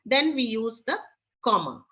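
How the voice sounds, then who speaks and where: A woman teaching an online class with an Indian English accent, talking haltingly with many fillers. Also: on the high side, big pitch swings, sharp tone, slightly rough. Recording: dull lo-fi online class audio.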